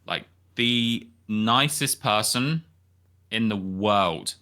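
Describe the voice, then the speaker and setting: Bright-toned hesitant man. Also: on the low side, animated, very slow. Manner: hesitant, repeats words, gentle. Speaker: podcast co-host. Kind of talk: casual podcast chat.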